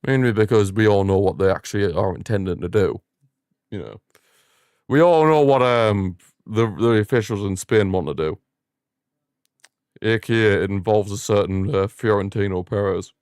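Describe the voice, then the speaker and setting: Excitable man ranting at the ref. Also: lowish voice, normal speed, smooth, no room sound, studio quality. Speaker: watchalong host. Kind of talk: live fan commentary.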